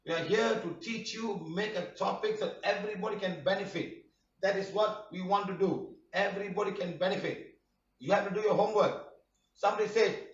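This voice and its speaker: A man's voice: sits high, a little fast. A scolding man in a roomy, distant recording. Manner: scolding, full of rhetorical questions and "huh?". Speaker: healing workshop teacher. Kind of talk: live online workshop talk. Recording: roomy, distant, dull-sounding mic.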